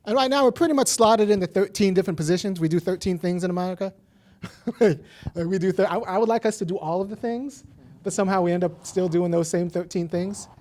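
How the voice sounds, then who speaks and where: A man's voice: sits high, quick pace, darkish tone. A man hosting a panel, speaking in a wry, casual way and laughing between points. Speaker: panel host.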